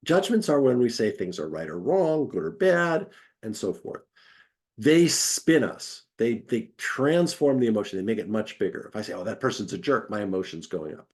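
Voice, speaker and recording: A man's voice: fairly low pitch, expressive, normal speed, darkish tone. A man giving a conversational academic lecture, acting out quoted voices as he explains.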